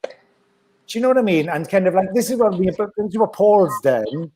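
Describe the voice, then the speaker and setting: A man's voice: high voice, normal speed, a little hiss or hum. A man talking bluntly and energetically in a casual podcast chat. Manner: blunt, animated, acts out quoted voices.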